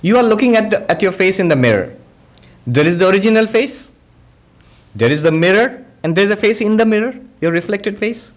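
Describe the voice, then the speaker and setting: A monk teaching a spiritual discourse, patiently explaining ideas through everyday examples and quoted dialogue. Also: male voice, high-pitched, animated, a little fast. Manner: acts out quoted speakers in dialogue.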